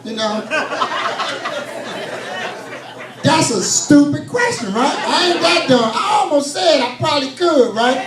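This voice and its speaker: A male stand-up comedian telling a story in an animated way, laughing and shouting as he goes. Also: very high-pitched, moderate pace, hardly any pauses. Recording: roomy club miked from far, crowd noise.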